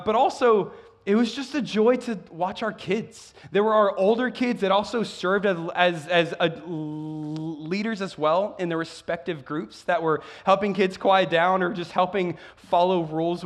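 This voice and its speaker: A man preaching a sermon as a pastor, excitable and often stumbling and restarting his sentences. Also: high voice.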